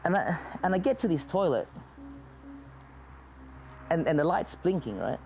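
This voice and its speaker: A man casually telling a story in an animated way, with frequent stammered restarts and loose, profane talk. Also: on the high side, a little slow, faint music behind.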